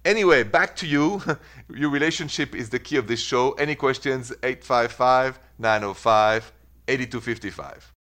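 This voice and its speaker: A man's voice: medium pitch, moderate pace, fairly bright tone. A man hosting a call-in radio advice show in a chatty, encouraging way.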